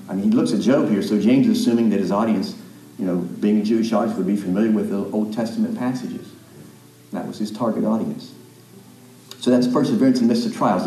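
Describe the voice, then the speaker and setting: A man's voice: lowish voice, warm tone, roomy sound, rough recording. A man preaching a sermon as a pastor, reading scripture aloud and explaining it plainly, with small restarts and asides. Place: church sanctuary.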